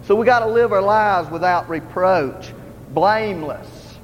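A man's voice: sits high, measured pace, slight background noise. A man preaching in a church in an earnest, conversational style, repeating his points. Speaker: lay preacher. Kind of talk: sermon. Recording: dull, roomy hall recording with faint ambience.

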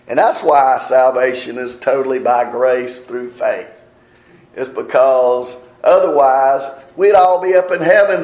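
Man, preacher, sermon, mid-pitched, asks and answers his own questions, echoey room. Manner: asks the congregation questions and answers them himself. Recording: roomy echo.

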